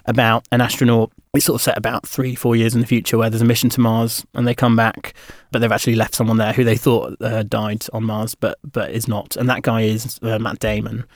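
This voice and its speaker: A man's voice: fairly low pitch, little pitch movement, brisk, few pauses, dry recording, clean studio sound. A man, a comedian and actor, chatting as a radio guest, rambling and hesitant with many fillers. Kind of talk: casual interview chat.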